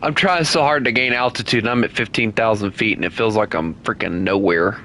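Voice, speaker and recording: Male streamer, slightly low pitch, bright tone, chatty and teasing while he plays. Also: brisk, a little hiss or hum. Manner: chatty, teasing viewers, laughs often. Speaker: gaming streamer. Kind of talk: casual live-stream chat while playing.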